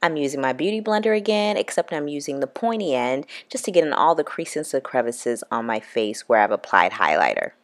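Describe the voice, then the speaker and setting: A young woman with a stuffy, nasal voice from a cold talks through a makeup tutorial. Her voice sits very low for a woman. She chats casually, with plenty of ums and likes. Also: big pitch swings, brisk, hardly any pauses. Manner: casual, chatty with many fillers. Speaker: beauty vlogger.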